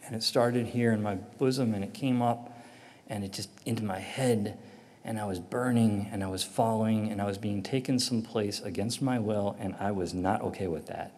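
A man telling a personal faith testimony in an animated storytelling way, acting out the voices in it. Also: fairly low pitch, moderate pace, in a large hall. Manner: animated storyteller, acts out dialogue. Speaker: speaker giving a personal testimony.

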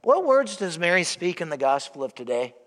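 High-voiced priest preaching in a church. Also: male voice, sing-song, fairly quick, a bit bright. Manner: emphatic, asks the congregation rhetorical questions. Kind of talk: sermon. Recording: long church reverb.

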